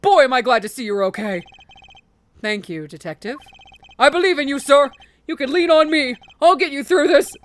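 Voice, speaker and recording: Overeager loyal male detective, voiced by a woman streamer, shouting keenly, bright and high. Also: lively intonation, normal speed. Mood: eager. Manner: loud, eager shouting. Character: eager loyal male police detective, loud and devoted. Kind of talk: reading game dialogue aloud on a stream.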